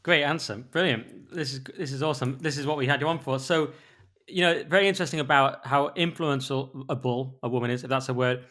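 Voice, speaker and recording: Fast-talking man host, eager. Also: medium pitch, a bit bright. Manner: enthusiastic, stumbling restarts. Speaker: podcast host. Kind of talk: casual interview talk.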